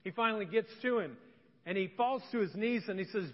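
A man's voice: high-pitched, brisk. A male pastor preaching a sermon in a church, telling stories animatedly and acting out scenes. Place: church sanctuary. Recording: dull recording with long church reverb.

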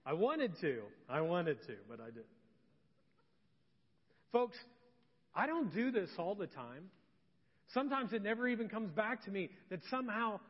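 A pastor preaching a sermon, telling stories and dropping from loud to soft and intimate. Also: male voice, sits high, breathy edge, big-room sound, highs cut off. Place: church sanctuary.

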